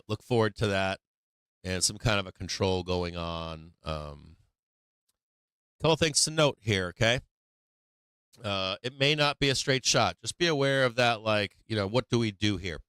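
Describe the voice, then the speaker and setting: A man's voice: deep voice, bright, forceful tone, clean tone, no echo. A man hosting a stock market livestream in a casual, rambling way, full of fillers and restarts. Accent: none, dropped his Boston accent. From Boston.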